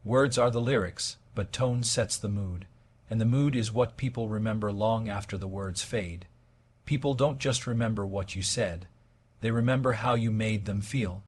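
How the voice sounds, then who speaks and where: A man delivering a scripted motivational talk on communication, with measured, emphatic pacing and deliberate pauses. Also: mid-range voice, a little hiss or hum. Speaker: motivational speaker.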